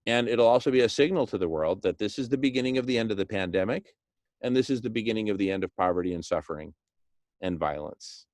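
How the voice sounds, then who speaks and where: Enthusiastic man pitching a plan. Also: lively intonation, fast, a little mellow, no echo. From Hispanic background, speaks Spanish. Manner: enthusiastic, acts out little scenes, says "right?" often. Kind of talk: animated monologue.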